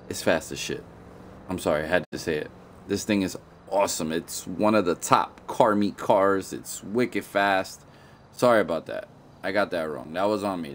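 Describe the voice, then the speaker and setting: Casual male streamer, lowish voice, slangy and playful, repeats lines, faint hiss behind. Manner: playful, slangy, often apologetic, repeats himself. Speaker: gaming streamer. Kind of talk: casual live-stream commentary.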